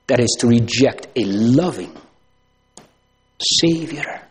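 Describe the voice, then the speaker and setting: A man preaching a sermon, asking rhetorical questions and swinging from loud emphasis to hushed tones. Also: medium pitch, lively intonation, slow, husky.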